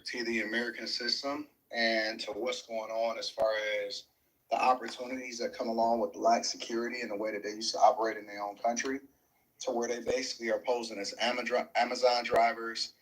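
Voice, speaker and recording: A man hosting, giving steady, opinionated commentary with some fillers. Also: medium pitch, rough recording. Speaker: show host.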